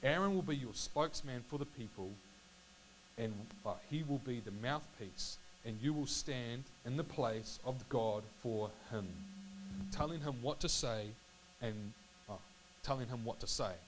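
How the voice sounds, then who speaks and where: A man talks through a Bible passage in a relaxed, personal way. He trips over his words, restarts, and apologizes as he goes. A faint electrical hum and hiss sit under the voice. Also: mid-range voice, rough recording. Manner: halting, self-correcting, apologetic. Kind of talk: casual Bible reading and reflection.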